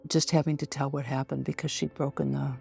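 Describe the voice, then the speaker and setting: Older lady doctor telling stories on a podcast, gravelly, acts out the quotes, faint music behind. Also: rumbling low, flat delivery, fast talker, warm tone. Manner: vivid anecdotal storytelling, acting out quotes. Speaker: forensic pediatrician guest. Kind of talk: storytelling in a podcast interview.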